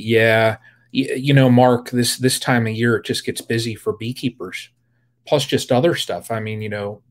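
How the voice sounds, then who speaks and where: Male beekeeper hosting a live chat, unhurried, rambling, mid-pitched, friendly greetings to viewers. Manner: rambling, greets viewers by name, many fillers. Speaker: beekeeper livestream host. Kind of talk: casual live-stream chat.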